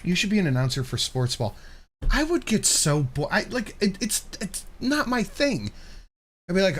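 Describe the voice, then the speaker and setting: A man's voice: high voice, sing-song, moderate pace, fairly bright tone. Joking man hosting a stream. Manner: joking, slips into a carnival barker and sports announcer voice. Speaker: co-host. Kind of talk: casual commentary on a stream.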